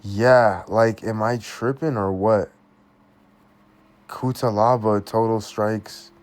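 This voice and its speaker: A man's voice: on the low side, fairly even intonation, takes it slowly. A young man giving a casual, blunt fight review, swearing constantly and talking in loose slang. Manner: blunt, heavily profane, slangy. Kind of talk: casual commentary.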